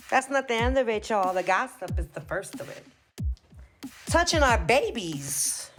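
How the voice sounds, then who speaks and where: A woman in her forties giving a heated, profane opinion rant as a vlogger, dropping in Spanish words. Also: medium pitch. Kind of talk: ranting opinion monologue.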